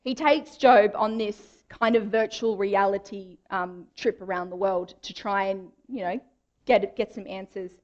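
A woman's voice: mid-range voice, a little slow, muffled recording. A young woman giving a chatty, informal sermon in a church. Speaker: preacher.

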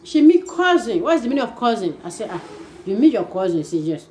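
A YouTube vlogger with a Nigerian Pidgin English accent chats casually to camera at a medium pitch and quick pace. She's animated, repeats phrases and often asks "you no understand?", recorded in an echoey room with faint ambient noise.

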